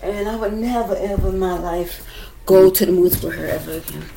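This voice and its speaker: Talking a little fast at medium pitch, with vocal fry and a dark tone, a young woman vlogger tells a rambling, repetitive story directly to her viewers in a casual chat. It was recorded on a laptop at home, with a little hiss or hum.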